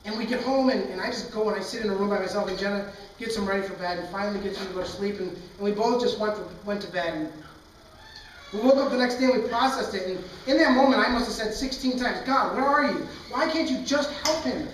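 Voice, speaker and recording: A man's voice: high-pitched, fast talker. Young male pastor, earnest storytelling sermon, recorded in a reverberant hall with faint noise. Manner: candid storytelling, earnest and impassioned. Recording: echoey hall, far from mic.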